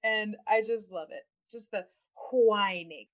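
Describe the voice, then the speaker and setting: A woman's voice: mid-range voice, slow. Laughing, chatty woman on lo-fi audio. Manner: chatty, laughs often, many fillers. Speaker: podcast co-host. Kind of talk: casual podcast chat.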